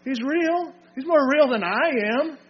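A man's voice: very high-pitched, animated, unhurried, lo-fi sound. An older man preaching an informal sermon, earnest, asking questions and answering them himself.

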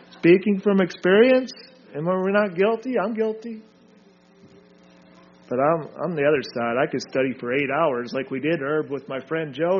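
In a dull, lo-fi recording, a high-voiced man runs a group Bible study, reading passages aloud and pressing his listeners with short, forceful remarks.

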